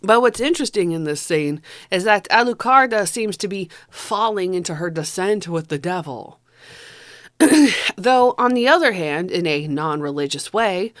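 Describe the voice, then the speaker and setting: Woman movie reviewer, slightly low voice, casual and foul-mouthed, dry room. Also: dry recording. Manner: chatty and profane, peppered with "you know". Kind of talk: casual spoken film review.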